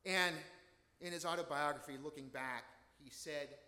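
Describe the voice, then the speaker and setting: Male pastor, earnest sermon storytelling, slightly high voice, echoey hall. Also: moderate pace, sharp tone. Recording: echoey hall with long reverb.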